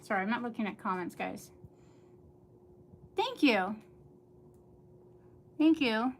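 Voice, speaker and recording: A woman's voice: on the high side, lively intonation, takes it slowly. Woman, middle-aged, livestream host, rambling, chatty, casual, faint background noise. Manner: rambling, chatty, talks to viewers. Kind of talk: casual livestream chat while crafting.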